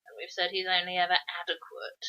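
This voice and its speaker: A woman's voice: fairly low pitch, monotone, fairly quick. A woman co-hosting a podcast, chatting casually and critically about film adaptations. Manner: opinionated, critical. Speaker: podcast co-host. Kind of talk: casual film review chat. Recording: dull lo-fi podcast audio.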